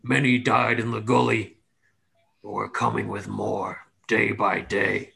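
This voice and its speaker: A man voicing gruff male orc warriors who question a stranger bluntly and with menace, as part of a tabletop game. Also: fairly low pitch, flat delivery, unhurried, pushed and bright, heavily acted. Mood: proud.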